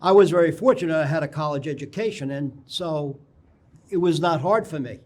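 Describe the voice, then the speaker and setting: An older man, a guest on a local TV interview, telling anecdotes in a rambling way and often clearing his throat. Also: on the high side, fairly quick, darkish tone. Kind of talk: casual interview storytelling. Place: local TV studio.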